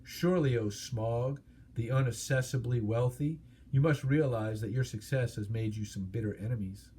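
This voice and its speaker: A man's voice: medium pitch, normal speed, slight background noise, close to an everyday voice. A man doing a nervous little hobbit. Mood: defiant. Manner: timid, overly polite flattery. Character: small nervous male hobbit, polite and flattering.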